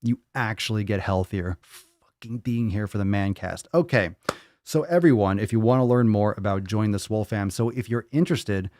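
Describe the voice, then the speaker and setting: A man hosting a casual livestream podcast from his home podcast room, loud, joking and profane, cooing at his cat between bits. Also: on the low side, normal speed. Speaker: podcast host.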